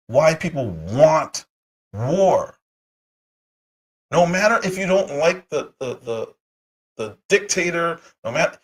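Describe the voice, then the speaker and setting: A man hosting a political commentary livestream, hoarse from a cold, talking heatedly with rhetorical questions and frequent restarts. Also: on the high side, sing-song, measured pace, poor audio. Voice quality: husky. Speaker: livestream host.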